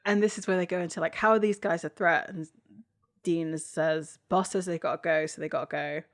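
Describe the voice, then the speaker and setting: Giggly, lower-voiced woman podcast co-host. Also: steady tone, a little fast. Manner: giggly, retells scenes by quoting characters. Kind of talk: casual chat recapping a TV episode.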